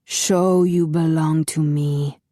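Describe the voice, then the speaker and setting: A woman voicing a cold, commanding masked male vampire overlord who speaks in a slow, muffled, measured way. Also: sits low, fairly even intonation, mellow, no echo, clean studio sound.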